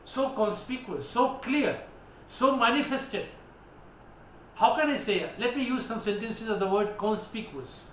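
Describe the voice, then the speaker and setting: Indian guy teaching english words, high voice, really emphatic, roomy echo + a little noise. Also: unhurried. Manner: emphatic, declamatory, spells words out letter by letter. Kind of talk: vocabulary lesson. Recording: echoey room with faint background noise.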